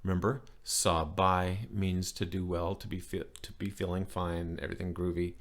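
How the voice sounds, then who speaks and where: A man's voice: low-pitched, little pitch movement, moderate pace. A man teaching a beginner language lesson in a casual, rambling way, with plenty of fillers and restarts.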